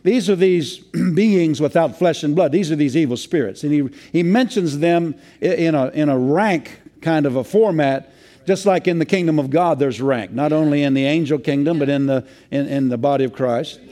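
A man's voice: a little high, normal speed, dark tone. A male pastor preaching a sermon in a folksy way, with many fillers and restarts.

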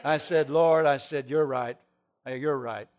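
A middle-aged man, a traveling preacher, telling a story in a sermon and swinging from hushed tones to shouting. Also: medium pitch, fairly even intonation, measured pace, some chatter behind.

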